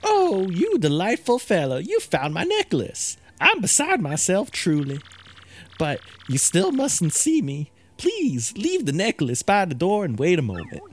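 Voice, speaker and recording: A woman's voice: on the low side, wildly swooping pitch, a little slow, voice pushed up. A woman voicing a flirtatious female wind spirit diva with a theatrical Southern US drawl, reading game lines aloud. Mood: gushing. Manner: breathy, swooning, theatrical southern-belle drawl. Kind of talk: let's play voice-over of game text.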